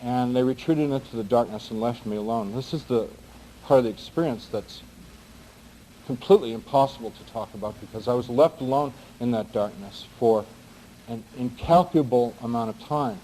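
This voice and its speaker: A man giving an earnest personal testimony, halting and restarting as he searches for words. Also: medium pitch, warm tone, a little hiss or hum, poor audio. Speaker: speaker recounting a near-death experience.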